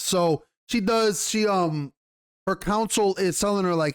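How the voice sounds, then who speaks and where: High-voiced excitable man reviewing TV. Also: moderate pace, smooth. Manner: rambling, excitable, acts out lines; blunt, swears casually. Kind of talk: casual episode review.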